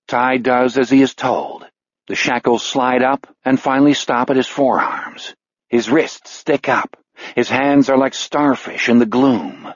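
Measured man reading a dark audiobook. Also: mid-range voice, no echo, highs cut off. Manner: measured, slows on grim details. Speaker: narrator. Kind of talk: audiobook narration.

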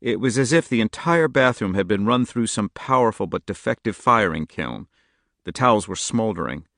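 A man narrating a novel in a steady, measured audiobook reading, close to the mic. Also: on the low side, gravelly, no echo. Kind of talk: scripted narration.

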